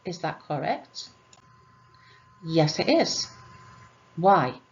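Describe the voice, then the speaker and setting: With a low, creaky, very animated voice and drawn-out words, a woman teaches English grammar exercises. She's patient, asking her own questions and answering them. The recording sounds muffled.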